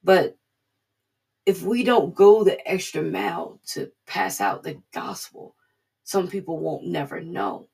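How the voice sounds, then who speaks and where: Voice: mid-range voice, very animated, slow, gravelly, a little mellow, slightly rough. A speaker giving an informal devotional talk, earnest and repeating key phrases for emphasis.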